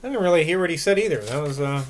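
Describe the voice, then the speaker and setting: A man's voice: on the high side, expressive, racing, a little hiss or hum. A man reading a classic novel aloud for his online channel, swinging between dramatic recitation and wry, joking asides. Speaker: audiobook reader.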